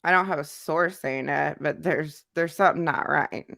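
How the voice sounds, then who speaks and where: On her casual livestream, a woman with a stuffy cold reads chat aloud, chatting loosely, repeating herself, and using lots of fillers. Her voice is low with vocal fry and a fairly bright tone at normal speed, in studio quality with no echo.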